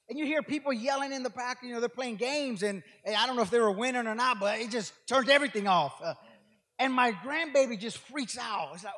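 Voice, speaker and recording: An older man preaching as a guest speaker, telling rambling stories that build to shouted preaching. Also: extremely high pitch, fast talker. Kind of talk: sermon. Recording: long hall reverb.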